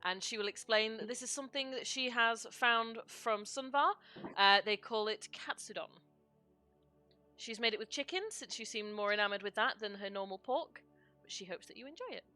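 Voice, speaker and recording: A woman narrating a tabletop game as game master, describing scenes with unhurried pauses. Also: fairly high pitch, pushed and bright, soft background music.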